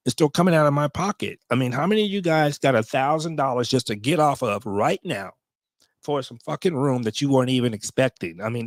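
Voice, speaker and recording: A man's voice: medium pitch, dry recording. A man in his fifties, a veteran vlogger, tells a story to his viewers in a blunt, profane way, with emotional asides.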